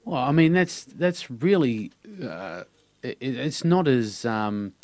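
A man hosting a podcast interview, speaking in a halting way that restarts phrases as he searches for words. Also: medium pitch, expressive, darkish tone, no room sound. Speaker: podcast host. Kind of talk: supportive interview talk.

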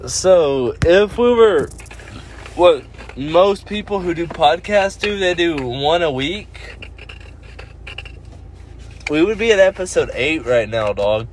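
A man's voice: on the high side, expressive, slow pace, pauses often, a little hiss or hum. A man hosting a podcast in casual chat from a parked car, rowdy and profane, laughing often. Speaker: podcast host.

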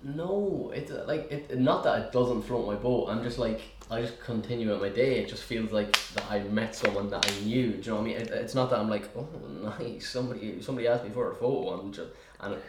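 A man's voice: fairly low pitch, a little fast, few pauses. A young man who makes videos, chatting casually and self-deprecatingly. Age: young adult. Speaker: video creator. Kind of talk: casual chat. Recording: echoey room with faint noise.

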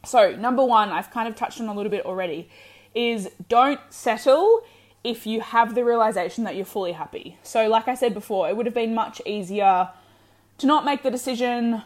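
A woman's voice: on the high side, moderate pace. A young adult woman vlogging candid breakup advice, frank and encouraging, swearing freely. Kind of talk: candid direct-to-camera advice.

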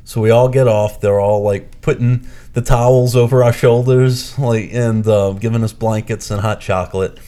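A man's voice: medium pitch, moderate pace, hardly any pauses. A man co-hosting a podcast, telling a story in casual chat and acting out the people in it. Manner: animated, acts out quoted people; chatty, with restarts and fillers. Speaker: podcast co-host.

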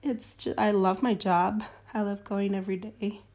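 A woman's voice: mid-range voice, level tone, normal speed, darkish tone. A woman in her thirties, a guest on a casual podcast, easygoing and laughing along. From California. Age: 30s.

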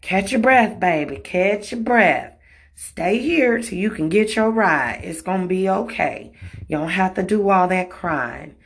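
A woman voicing a kind middle-aged mother who soothes a crying girl in a gentle motherly way. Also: fairly low pitch, expressive, measured pace, vocal fry, voice pushed up. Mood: soothing.

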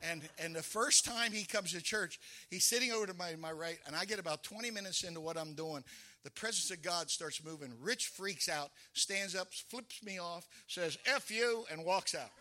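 A middle-aged man preaching a sermon, with emphatic storytelling that rises into shouts. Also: high-pitched, normal speed. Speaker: pastor.

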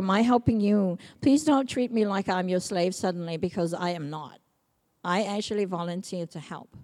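A woman's voice: mid-range voice, a little mellow. A middle-aged woman from Samoa, preaching a sermon as pastor in an emphatic, repetitive way.

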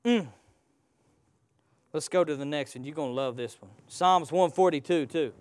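A man preaching a live sermon. He draws the congregation in with call-and-response questions, swinging from loud passages to hushed ones. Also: a little high, normal speed, no echo.

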